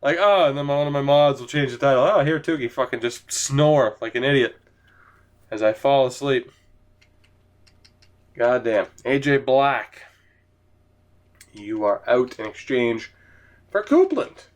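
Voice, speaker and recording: A man's voice: mid-range voice, a little slow, pauses often. A man giving casual let's-play commentary on a hockey game, sleepy and yawning, rambling and swearing casually from his chair at home. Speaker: gaming commentator. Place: home gaming setup, in a chair.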